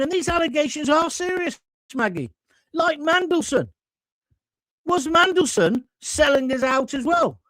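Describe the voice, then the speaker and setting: A man's voice: very high voice, expressive, moderate pace, a bit bright, no room sound, rough recording. An indignant man from England hosts a live stream, his voice swinging widely up and down as he rants and reads out comments. The sound is dry and close, with no room around him. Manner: ranting, indignant, reads viewer comments aloud; swears, gets heated. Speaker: host of live call-in show. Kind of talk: opinionated live-stream monologue.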